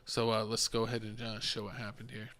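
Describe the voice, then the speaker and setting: A man hosting a podcast in casual chat, retelling events in an animated, joking way. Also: lowish voice, quick pace, very noisy. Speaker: podcast host.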